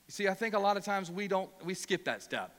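A man's voice: sits high, animated, a little fast, a bit bright, long reverb tail. A male pastor from Ohio preaching a sermon, emphatic and prone to repeating words when worked up.

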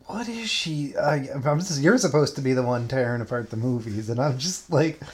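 A woman's voice: rumbling low, expressive, normal speed, a little mellow. A woman riffing on a movie in casual chat, with dry, sarcastic jokes. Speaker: podcast co-host.

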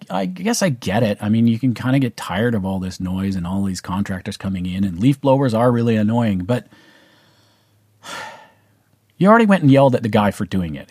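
A man's voice: lowish voice, darkish tone, breathy edge, no room sound, studio quality. A middle-aged man with a Canadian accent, telling a personal story in a casual, rambling way with many fillers and restarts. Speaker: vlogger.

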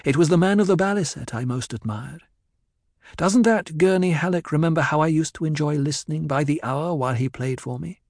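A man reading a composed noble mother figure, speaking gently and soothingly in a raised voice. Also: on the high side, a little fast, no room sound, studio quality, voice pushed up.

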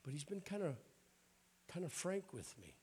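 A man's voice: high voice, big pitch swings, normal speed, a little mellow, slightly rough. A middle-aged man with a Southern US accent, preaching a folksy, joking sermon in a church. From American South. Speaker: guest preacher. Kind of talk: humorous sermon.

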